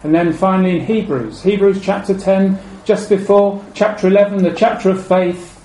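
High mellow guy preaching, slow and repetitive, trails off soft, echoey hall with faint hum. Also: fairly even intonation. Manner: measured, repeats key phrases, drops low and soft at ends of phrases. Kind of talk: sermon. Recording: echoey room with faint ambient noise.

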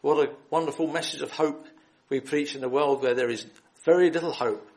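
A man's voice: fairly high pitch, brisk, darkish tone. A man preaching the gospel in a hall, reading scripture aloud and then appealing earnestly and directly to his listeners. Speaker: lay preacher.

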